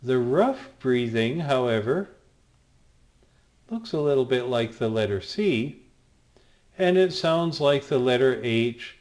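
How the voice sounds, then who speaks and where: A man leads a recorded language lesson at an unhurried, deliberate pace. He is patient and sounds out each letter and word one at a time. His voice sits in an ordinary middle register. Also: medium pitch, animated, a little mellow. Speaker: Greek teacher.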